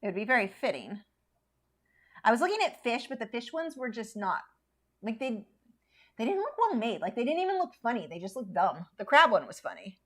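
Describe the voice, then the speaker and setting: A woman's voice: on the high side, big pitch swings, a little fast. A woman artist chatting casually and opinionatedly with viewers while she paints, laughing often. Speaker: artist streamer.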